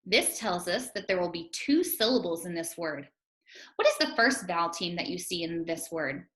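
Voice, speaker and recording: A woman teacher giving a phonics lesson to young children, speaking slowly and encouragingly and sounding out letters one by one. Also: lowish voice, lively intonation, a bit bright. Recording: roomy echo.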